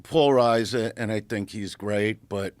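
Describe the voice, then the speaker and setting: Middle-aged new guy cracking up a podcast with a crude animated story, dry close mic. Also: lowish voice, a little slow, no echo. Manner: animated, profane, acts out quotes. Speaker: comedian guest.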